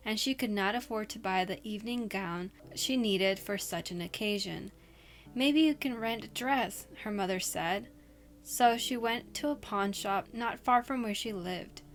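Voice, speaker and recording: A woman hosting a casual read-aloud storytime, with blunt, chatty asides that include swearing. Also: mid-range voice. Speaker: channel host. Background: faint music and noise from outside.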